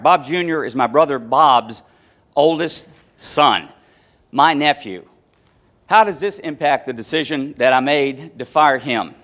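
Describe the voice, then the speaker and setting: A man's voice: medium pitch, a bit bright. A man giving a business presentation, explaining his points through a family anecdote and laying them out in numbered steps. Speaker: conference speaker.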